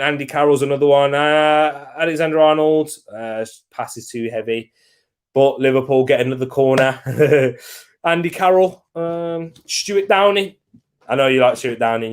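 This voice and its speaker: A young Englishman talks through a live football match in a casual watch-along. He chats loosely, answers viewer comments by name and breaks off to react to the play. His voice sits at an ordinary middle pitch. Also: clear, resonant tone.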